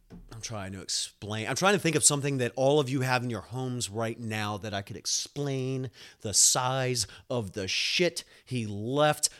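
A man hosting a casual podcast, telling a long story with laughs, swearing and quick acted-out quotes. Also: medium pitch. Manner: animated, laughing, swearing, acts out voices in quotes. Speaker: podcast host.

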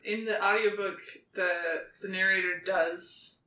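A woman co-hosting a book podcast, talking in a loose, playful way and tossing in jokes as she goes. Her voice is bright and pushed forward. The room is echoey, with a faint hum behind her. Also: medium pitch, measured pace. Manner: playful, jokey, animated storytelling. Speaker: podcast co-host. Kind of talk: casual book chat.

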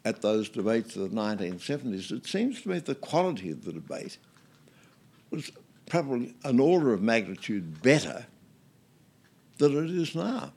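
An older Australian man, a guest in an interview, telling anecdotes in a relaxed way with many fillers and restarts. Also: mid-range voice.

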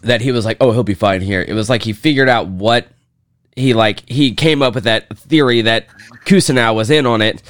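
Man, podcast co-host, casual swearing storyteller, smooth clear voice, dry close sound. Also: mid-range voice, normal speed, dry recording. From Kansas, USA. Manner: profane, animated storyteller.

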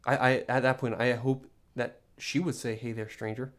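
A man's voice: mid-range voice, flat delivery, takes it slowly. A young man hosting a solo podcast, rambling in an exasperated, joking rant with many restarts. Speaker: podcast host.

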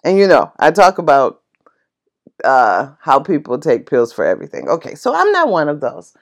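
A woman casually telling a personal story in an excitable, passionate way, laughing as she talks. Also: sits low, moderate pace. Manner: animated, excitable, laughs while talking; passionate and chatty.

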